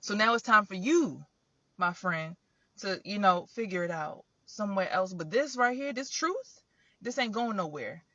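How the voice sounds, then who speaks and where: A woman's voice: medium pitch, expressive, moderate pace, a bit bright, no room sound, muffled recording. A young woman, delivering an emotional, profane, preachy rant straight to camera. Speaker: content creator.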